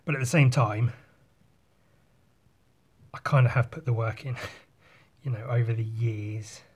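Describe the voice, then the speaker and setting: A man's voice: medium pitch, fairly even intonation, measured pace, a little mellow, husky. A man in casual chat while drawing, rambling through a story and swearing often. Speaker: artist.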